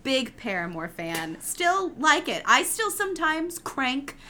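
A young adult woman co-hosting a comedy podcast, giggly and animated, swearing freely in casual chat. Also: high voice, measured pace, slight background noise. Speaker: podcast co-host.

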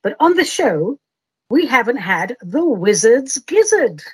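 Playful husky-voiced woman host. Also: on the high side, big pitch swings, measured pace, no echo. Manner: playful, silly, self-mocking. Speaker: podcast host. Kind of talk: casual chat and comic poetry reading.

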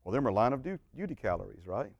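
A man's voice: mid-range voice, very animated, quick pace, no room sound, lo-fi sound. A man who is a pastor, teaching a church group in a folksy, joking way and saying amen often.

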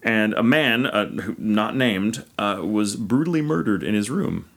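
A man with a low voice co-hosts a casual podcast chat. He tells history in a loose, rambling way, full of restarts and easy swearing. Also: expressive, a little slow, vocal fry, a bit bright. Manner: rambling, frequent restarts and profanity. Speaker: podcast co-host.

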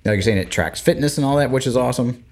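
A man chatting casually on a podcast, animated and acting out little scenes as he talks. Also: medium pitch, rapid-fire. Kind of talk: casual chat. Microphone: desk microphone.

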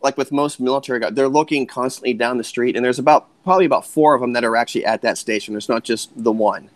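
A man's voice: medium pitch, quick pace, no echo. A man in the middle of his range, talking through a movie on a podcast in an easy, explanatory way. The sound is dry and close, with no room around it, and he likes to fill in background detail. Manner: speculative, explains with military and phone-era detail. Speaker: podcast guest. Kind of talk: casual podcast chat.

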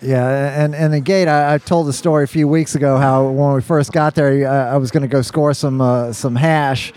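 A man telling a rambling old road story in casual conversation, halting and restarting often. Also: medium pitch, fairly even intonation, darkish tone. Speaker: co-host, former touring musician.

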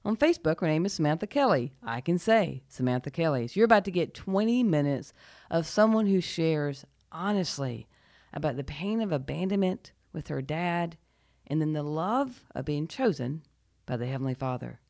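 A woman's voice: low-pitched, expressive, normal speed, darkish tone, no room sound. Upbeat woman hosting a podcast. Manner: upbeat, chatty. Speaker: podcast host. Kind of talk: show introduction. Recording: dry close recording.

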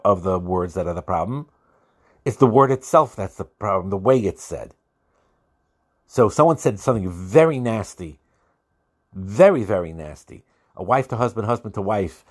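Low-ish male voice, earnest torah shiur guy, repeats himself a lot, hebrew words mixed in. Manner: earnest, repetitive, sprinkled with Hebrew and Yiddish terms. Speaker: Torah teacher. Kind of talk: religious lecture on marriage.

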